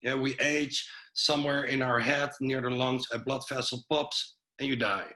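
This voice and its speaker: A man's voice: medium pitch, fairly even intonation, normal speed, sharp tone, poor audio. A man giving an informal health presentation on a video call, loose and chatty with lots of fillers and restarts. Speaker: webinar presenter.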